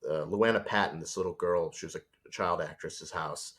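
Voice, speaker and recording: Deep-voiced man telling animated stories. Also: normal speed. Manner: animated storyteller, acts out voices. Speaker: storyboard artist guest. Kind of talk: casual interview.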